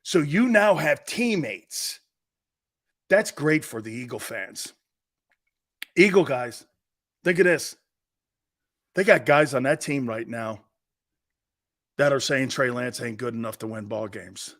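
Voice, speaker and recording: A man hosting a live sports talk show, loud, joking and blunt, laughing often. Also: medium pitch, expressive, slow, long pauses. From lives in Florida.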